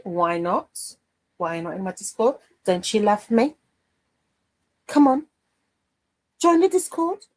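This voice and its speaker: A woman's voice: fairly high pitch, rough recording. A middle-aged woman hosting a craft livestream, chatting casually and reading out viewer comments with a playful manner. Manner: chatty and playful, warm with viewers, trails off and laughs.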